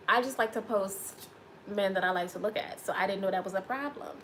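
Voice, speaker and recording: A woman's voice: mid-range voice, moderate pace, long pauses, fairly bright tone, a little hiss or hum. Chatty woman hosting a livestream. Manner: chatty and playful, reads out viewer comments. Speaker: livestream host. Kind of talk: casual livestream chat with viewers.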